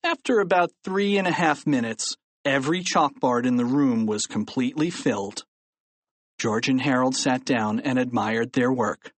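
An audiobook narrator reading a children's story aloud in a playful, animated way. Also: mid-range voice, normal speed, dry recording.

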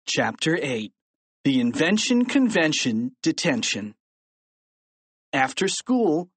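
An audiobook narrator reading a children's story aloud in a playful, animated way. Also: medium pitch, slightly rough, dry recording.

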